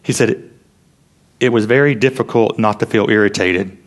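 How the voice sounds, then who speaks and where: A man preaching a sermon in an earnest storytelling way, often dropping to a hush for emphasis. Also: on the low side, normal speed. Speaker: pastor.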